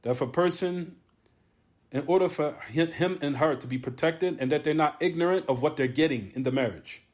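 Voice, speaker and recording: A man's voice: fairly high pitch, a little mellow. A man teaching a religious lesson in a mosque, speaking emphatically, repeating points, and scattering Arabic terms through his talk. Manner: repetitive, emphatic, drawn-out pauses. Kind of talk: religious lesson on a classical text.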